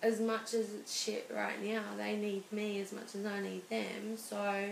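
Woman guest, thirties, gravelly, echoey studio, halting personal story. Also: medium pitch, flat delivery. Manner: halting and emotional, many restarts. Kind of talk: personal interview. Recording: roomy studio with faint hiss.

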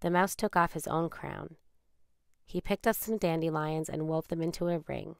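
A woman calmly narrating a children's picture book read aloud. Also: deep voice, creaky, clean tone, no echo, studio quality. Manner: calm, measured. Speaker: storyteller.

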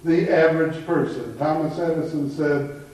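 A man's voice: fairly high pitch, steady tone, moderate pace, a little mellow. A man giving a lecture, telling jokes and anecdotes in an easy storytelling way. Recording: echoey room from far off.

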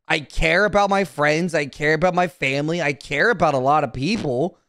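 A man's voice: on the high side, fairly quick, fairly bright tone, no room sound. A young man streaming casually, talking to his chat in a brash, profane, defensive way.

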